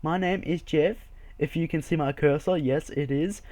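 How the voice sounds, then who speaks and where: A man's voice: fairly high pitch, normal speed, darkish tone, no echo. A young man hosting a casual game video, chatty, rambling and jokey as he walks through his build. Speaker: Minecraft server video host. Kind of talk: casual gameplay commentary.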